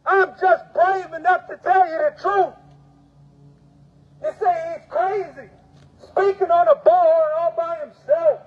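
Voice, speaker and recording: A man speaking as a union steward, giving an impassioned protest speech, fiery and preachy, repeating phrases and often shouting. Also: extremely high pitch, fairly even intonation, slow, soft background music. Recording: tinny phone-like audio.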